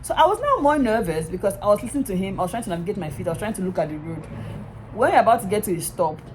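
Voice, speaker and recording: A young woman from Nigeria with a Nigerian accent, casually telling a story to her vlog audience in an animated, exasperated way, speaking into a handheld phone at an outdoor bus stop. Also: medium pitch, very fast, background noise. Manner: animated, exasperated retelling with laughs. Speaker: vlogger.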